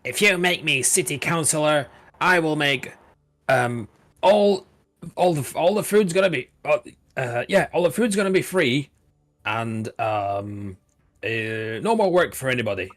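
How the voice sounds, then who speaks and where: A man's voice: a little high, expressive, measured pace, fairly bright tone, pitched above the performer's own voice. A man voicing a tall, pompous male politician who blusters through promises in a tabletop game. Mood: blustering.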